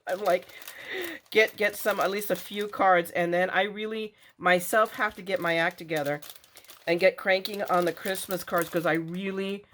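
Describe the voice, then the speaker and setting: Older woman, craft vlogger, low-pitched, chatty, rambling with restarts. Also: fairly even intonation, moderate pace, fairly bright tone, slight background noise. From Latin America. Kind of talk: casual unboxing chat.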